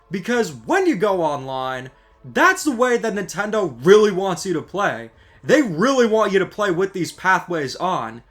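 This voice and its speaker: A man rants in a scripted gaming commentary, his voice sitting high and leaping around with lively swings of pitch. He sounds exasperated and lays on the sarcasm. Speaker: gaming video creator.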